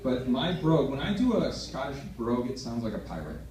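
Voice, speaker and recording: A man's voice: mid-range voice, lively intonation, a little fast. A middle-aged man introducing a toast at a wedding reception, talking hesitantly with lots of fillers and restarts. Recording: echoey hall from far off, crowd noise.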